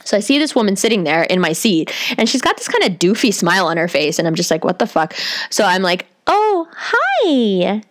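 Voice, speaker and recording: Profane, animated woman storyteller. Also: fast, few pauses. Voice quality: deep, bassy voice. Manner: profane, animated, self-mocking. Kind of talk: comic personal storytelling.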